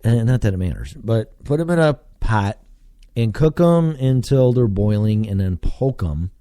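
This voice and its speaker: A man's voice: lowish voice, mellow, dry recording, studio quality. An American man hosting a solo podcast, talking casually and rambling with many fillers. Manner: casual, digressive, lots of fillers. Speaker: podcast host.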